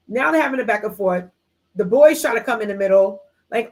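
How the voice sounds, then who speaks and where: A woman's voice: medium pitch, normal speed, low-quality recording. A woman hosting a casual live book discussion, chatty and slangy, acting out characters' lines as she retells the story. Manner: animated storytelling, acts out characters' lines in quotes; slangy, chatty, many fillers like "like" and "um". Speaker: book club host.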